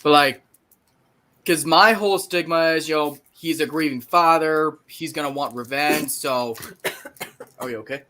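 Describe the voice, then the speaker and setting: Enthusiastic slangy male reviewer, bright forceful voice. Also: on the high side, a little slow. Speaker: film reviewer. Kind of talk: casual movie review chat.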